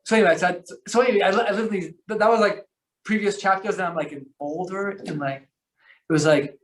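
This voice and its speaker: A man's voice: high-pitched, fast talker. Slangy, rambling man telling stories. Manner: rambling, animated, lots of fillers and restarts; slangy, calls the host bro. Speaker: podcast guest. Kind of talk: casual storytelling conversation.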